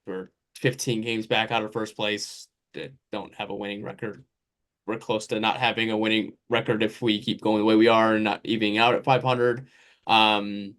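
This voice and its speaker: A man's voice: lowish voice, a bit bright. A man hosting a casual sports podcast, talking in a loose, rambling way that drifts through lists and asides. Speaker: podcast host.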